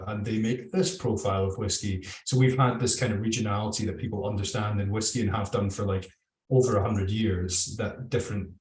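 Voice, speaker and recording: A guest whisky bottler with a Scottish accent chats casually over a video call during a virtual tasting, opinionated, rambling, and calling himself a drinks geek. His voice is low and darkish, in a roomy, low-quality recording.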